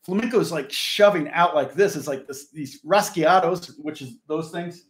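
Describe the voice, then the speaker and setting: Older male guitar teacher, somewhat high-pitched, loose rambling chat to viewers, roomy echo. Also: normal speed. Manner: rambling, chatty, answers viewers' comments. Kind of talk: casual live-streamed guitar lesson. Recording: echoey room with guitar playing.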